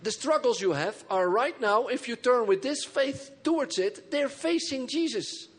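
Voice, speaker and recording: A pastor delivers an emphatic sermon in a notably high voice for a man. He keeps calling out to his congregation for answers and repetition. His phrases drop low and soft, then rise in sudden bursts. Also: expressive, unhurried. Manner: engages the congregation with call and response.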